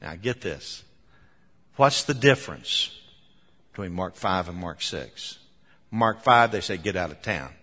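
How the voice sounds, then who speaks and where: Male preacher, bright ringing tone, lively storyteller, long hall reverb. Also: fairly low pitch, takes it slowly, pauses often. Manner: animated storytelling with chuckles and sudden emphatic bursts. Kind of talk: sermon.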